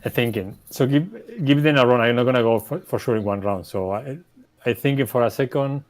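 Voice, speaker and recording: A man playing a tabletop game, speaking in a halting way with many restarts. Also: medium pitch. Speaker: player.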